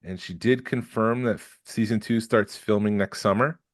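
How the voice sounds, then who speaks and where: Low-voiced guy cohosting a podcast, laid back, goes through news with little jokes, dry close sound. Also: moderate pace, no echo. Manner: relaxed, runs through news items with jokes. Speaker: podcast co-host. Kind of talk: casual chat.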